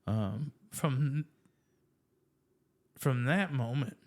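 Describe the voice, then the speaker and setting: A man's voice: medium pitch, drawn-out words. Man telling a faith story, self-mocking. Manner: animated, self-deprecating, filler-heavy. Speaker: guest sharing testimony. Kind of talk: casual storytelling.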